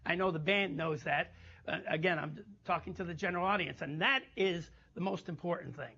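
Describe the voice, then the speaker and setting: A man teaching a jazz masterclass, coaching a band and scatting rhythms in an animated way, on a muffled lo-fi recording. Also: on the high side, brisk, vocal fry, a little hiss or hum. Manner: animated, scats rhythms and chants phrases. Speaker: jazz instructor.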